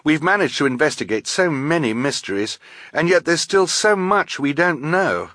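A man's voice: a little high, lively intonation, moderate pace, sharp tone, no echo, clean studio sound, voice pushed up. A man reading an audiobook, voicing a thoughtful, earnest boy mapmaker. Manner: earnest, reflective.

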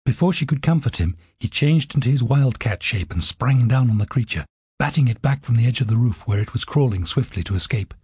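Dark, very husky male narrator. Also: medium pitch, a little fast, no room sound, studio quality. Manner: steady, vivid storytelling. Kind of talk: audiobook narration.

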